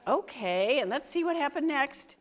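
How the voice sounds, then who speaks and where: A woman reading a picture book aloud to children, animated and full of questions for them. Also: sits high, normal speed. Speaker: children's storytime reader.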